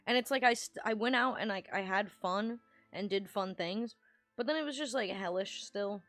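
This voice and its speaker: A woman's voice: medium pitch, normal speed, fairly bright tone, dry recording, soft background music. Profane ranting woman streamer. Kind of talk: casual livestream chat.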